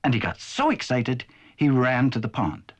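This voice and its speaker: A man narrating a children's cartoon in a gentle, expressive storybook manner. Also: medium pitch, normal speed.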